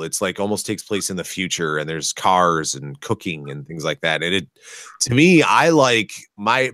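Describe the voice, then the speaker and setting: Podcast co-host, male, low pitch, excitable and rambling, dry close recording. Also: no room sound. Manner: excitable, rambling gamer talk. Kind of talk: casual chat.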